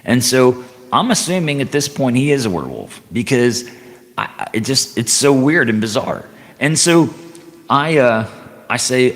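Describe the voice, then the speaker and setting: A man on a livestream telling a rambling story, halting and repeating himself with chatty asides. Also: mid-range voice, big pitch swings, long reverb tail.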